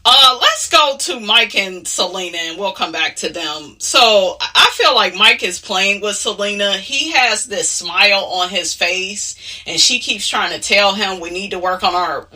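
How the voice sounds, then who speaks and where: A woman's voice: medium pitch, lively intonation, unhurried, hardly any pauses, sharp tone, distant mic. A woman talking casually as she recaps reality TV. She is sassy and outspoken and keeps dropping "honey" and "okay?" as asides. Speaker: reality TV commentator.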